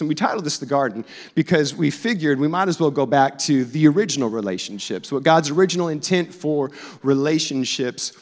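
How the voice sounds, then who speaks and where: Joking pastor in a reverberant hall. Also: male voice, medium pitch. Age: 40s. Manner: joking, self-deprecating and chatty. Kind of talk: conversational sermon. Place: church sanctuary. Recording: long reverb of a church hall.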